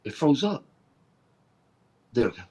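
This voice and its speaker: A man co-hosting a racing chat show, telling stories in a casual, animated way and laughing as he goes. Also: medium pitch, unhurried, slightly rough. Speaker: podcast co-host.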